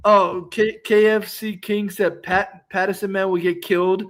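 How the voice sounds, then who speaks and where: A man's voice: high-pitched, flat delivery, measured pace, fairly bright tone. A man chatting on a livestream, mocking critics, agreeing with his co-host and swearing. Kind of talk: casual livestream chat.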